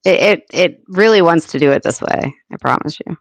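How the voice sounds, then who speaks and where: An American woman hosting a casual live chat with her viewers, thinking aloud and filling pauses as she works things out. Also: fairly low pitch, lively intonation, no echo. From United States. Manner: chatty, thinking aloud with many fillers. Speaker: livestream host.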